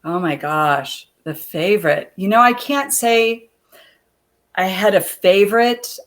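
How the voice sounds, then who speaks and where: Chatty woman telling wrestling stories. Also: mid-range voice. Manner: chatty storyteller, laughs often. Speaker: guest, former wrestler. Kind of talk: casual interview chat.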